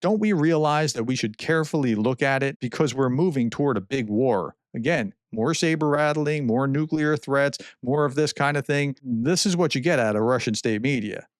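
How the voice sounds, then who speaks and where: A man's voice: mid-range voice, normal speed, few pauses, no room sound. Dry-sounding man explaining the news. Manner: conversational, explanatory, with restarts and asides. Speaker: professor explaining war news. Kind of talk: commentary on news clips.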